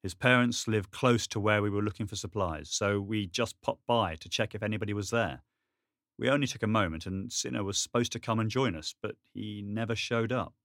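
A drained young soldier mutters low and flat, barely lifting his voice. A man acts him out, read close in a dead, dry room. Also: a little fast, no room sound. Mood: listless. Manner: listless monotone, subdued. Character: exhausted young male soldier in shock.

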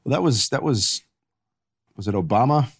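A man's voice: mid-range voice, expressive, normal speed, husky. Emphatic man making a point in conversation. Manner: emphatic, arguing with rhetorical questions. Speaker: guest. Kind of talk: casual conversation.

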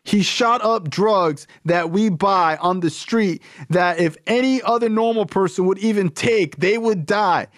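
A man's voice: sits high, slow, hardly any pauses, no room sound, studio quality, voice pushed up. A man putting on a blunt, profane sponsor voice. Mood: lecturing. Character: blunt male recovery sponsor, harsh tough love.

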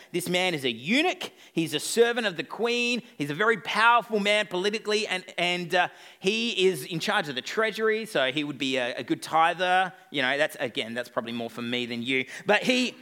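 A man's voice: high-pitched, bright, forceful tone. A male pastor preaching an evening sermon, retelling a story with playful asides to the congregation.

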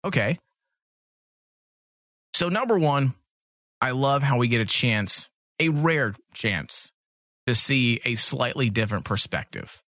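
A man's voice: mid-range voice, expressive, a little slow, a bit bright, no room sound, clean studio sound. A man co-hosting a casual podcast, talkative and joking, sometimes reading summaries aloud. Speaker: podcast co-host.

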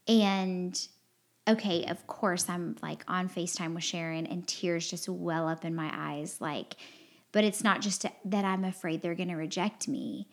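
A woman's voice: lowish voice, moderate pace. Earnest, rambling woman podcast host. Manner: earnest, rambling, heartfelt, with frequent fillers. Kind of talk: candid confessional podcast chat.

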